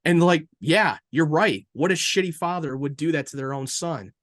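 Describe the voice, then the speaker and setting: A man co-hosting a casual review podcast, excitable, swearing freely and tripping over his words. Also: a little high, normal speed, dry recording, studio quality. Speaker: podcast co-host.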